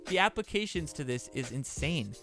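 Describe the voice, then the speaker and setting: A young man streaming games in casual chat, excitable and profane, often breaking into disbelieving exclamations. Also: on the high side, normal speed, faint music behind. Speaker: gaming streamer.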